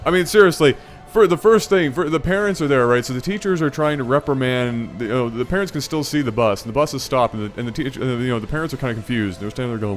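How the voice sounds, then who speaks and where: A man hosting his channel, telling a funny personal story in an animated, playful way, often correcting himself mid-sentence. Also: medium pitch, quick pace, few pauses, faint music behind. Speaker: channel host. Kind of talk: storytelling vlog.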